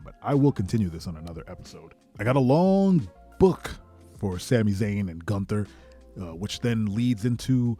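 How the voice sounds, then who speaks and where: Animated man narrating wrestling play-by-play. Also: on the low side, breathy edge. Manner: animated, shouts sound effects. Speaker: podcast host. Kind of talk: excited fantasy play-by-play narration.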